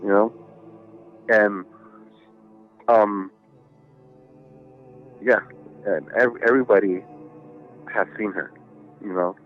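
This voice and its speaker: Here the man's voice sits lowish and fairly even, moving at a slow pace with frequent pauses. As a podcast guest he rambles through a ghost story, swearing and filling gaps with fillers, his tinny phone-like audio backed by soft music.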